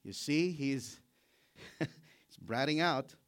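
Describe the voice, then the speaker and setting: A pastor, a middle-aged man with a medium-pitched voice, preaches a sermon very slowly. He's animated, acting out biblical characters and laughing as he goes.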